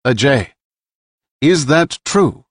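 Guy putting on a cold bossy villain lady, pushed up high, dry close sound. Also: expressive, takes it slowly, dry recording. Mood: commanding. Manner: imperious, threatening. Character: ruthless cold female villain, commanding.

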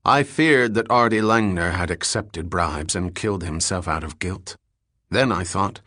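A man's voice: on the low side, fairly bright tone, dry recording, studio quality. A man voicing a grandiose, intense male naval captain, speaking with emphatic, building declamation in an audiobook reading. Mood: grim.

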